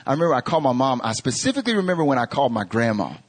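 A man in his thirties from North Carolina, a pastor preaching a sermon with lively storytelling and rhetorical questions. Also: medium pitch, very fast. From North Carolina, USA.

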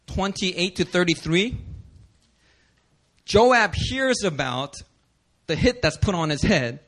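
A male pastor preaching a sermon, animated and casual, slipping into slang and acting out the characters in the passages. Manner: animated, acts out scripture voices with big pitch swings.

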